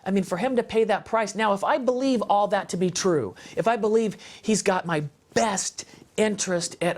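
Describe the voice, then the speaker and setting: A man giving a heartfelt, passionate faith testimony as a guest, talking in an emphatic, conversational way and repeating phrases for stress. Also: sits high. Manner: conversational, with fillers and restarts. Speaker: guest speaker on a parenting show.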